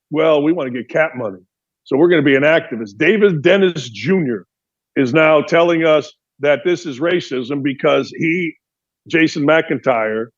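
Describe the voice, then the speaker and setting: A man's voice: on the high side, muffled recording. A man from Indiana hosting a sports talk show, delivering an emphatic opinion monologue full of rhetorical questions.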